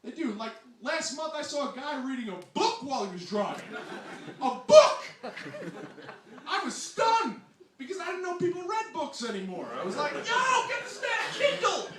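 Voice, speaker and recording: A man from New Jersey with a New Jersey accent doing a stand-up comedy set, animated and exclamatory, often mimicking other voices. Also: very high-pitched, moderate pace, a loud crowd. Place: small hall with audience. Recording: distant echoey room mic, loud noise.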